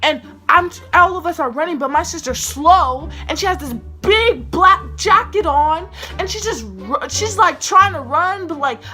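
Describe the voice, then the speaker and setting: A woman with a high, bright voice, telling a personal story in a casual story-time vlog. She talks in an animated way, packed with "like" fillers, and swings her pitch up sharply when she acts out other people. Faint music plays underneath. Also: measured pace.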